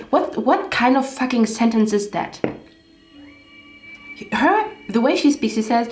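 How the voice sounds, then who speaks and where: A woman's voice: fairly high pitch, expressive, measured pace, pauses often, a little mellow. A woman giving a casual tarot reading, rambling and getting heated, swearing often. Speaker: tarot card reader. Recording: echoey room, faint background music.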